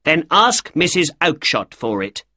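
A man voicing an angry male shopkeeper in a storybook reading, gruff and shouting. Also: medium pitch, huge pitch swings, slow, no echo, clean studio sound, heavily acted.

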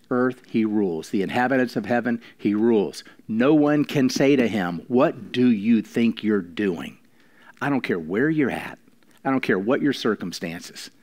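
Male pastor, low voice, preaching in church; emphatic, swings from quiet to raised. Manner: preaching with slowed emphatic lines and sudden quiet drops. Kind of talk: sermon.

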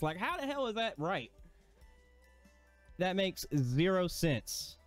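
A man's voice: on the high side, very animated, moderate pace, clean tone, soft background music. A man commentating his gameplay, exasperated, swearing and ranting at the game. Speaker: gaming streamer.

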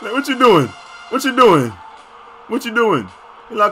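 High, lively young man reacting. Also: normal speed, pauses often, faint music behind. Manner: excitable, slangy, bursts into shouts. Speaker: reaction video host. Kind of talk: casual reaction commentary.

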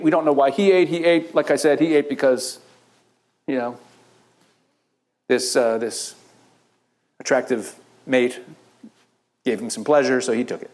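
A middle-aged man from Israel, a rabbi giving a sermon-style Bible teaching to a church audience, telling the story with lively asides and acting out the characters' lines. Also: medium pitch, measured pace, long pauses. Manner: animated storytelling, acts out the biblical characters in quoted voices.

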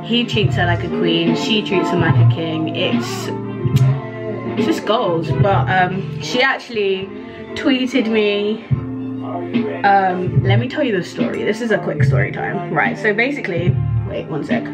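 A woman's voice: medium pitch, expressive, a little slow. A young woman, a university student, chatting casually to her camera in her student kitchen in a gushing way full of "like" fillers. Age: young adult. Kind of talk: casual vlog chat to camera. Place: kitchen in student accommodation, indoors. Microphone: handheld camera or phone. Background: music playing under the voice.

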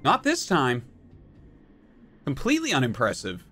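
Man streamer, thirties, exasperated and profane; pitch swings wide, faint game music under him. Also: huge pitch swings, measured pace, pushed and bright, breathy edge. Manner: ranting, exasperated, heavy swearing. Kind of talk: live-stream commentary while playing.

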